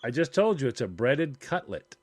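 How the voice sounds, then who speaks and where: Jokey man with a lively voice. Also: medium pitch, normal speed, background noise. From half Irish, half German heritage. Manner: jokey, acts out quoted voices, stammers on restarts. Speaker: podcast co-host. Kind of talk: casual chat.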